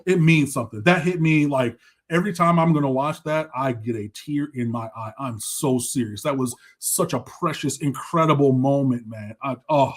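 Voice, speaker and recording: Husky, emotional man talking sports. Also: medium pitch, normal speed. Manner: emotional, effusive, rambling with restarts. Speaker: podcast co-host. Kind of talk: casual sports podcast chat.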